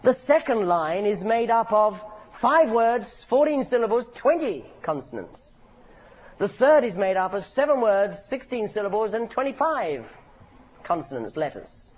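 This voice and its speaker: A man's voice: sits high, a little slow, lo-fi sound. A man preaching a sermon in a church meeting, telling stories with humor. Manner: animated, humorous storytelling.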